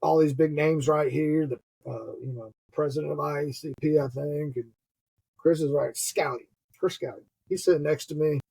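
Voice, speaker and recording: A middle-aged man from the US Gulf Coast, speaking with a Southern accent, chats casually as a podcast guest, swearing freely and laughing a lot. His slightly high voice is creaky, dark and husky, holding a steady tone at normal speed, though the audio is poor.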